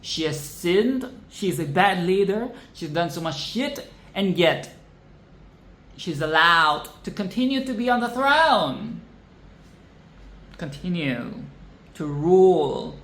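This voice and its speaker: A vlogger's exasperated film rant comes in a mid-range, fairly bright voice that's animated but slow, with frequent pauses. Swearing and repeated phrases hammer his points, recorded in an echoey room with faint background noise.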